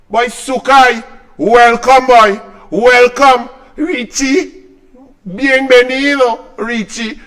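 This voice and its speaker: A man's voice: very high voice, fairly bright tone. A man with a Trinidadian accent delivering a sarcastic, combative political rant as a commentator, mocking his targets.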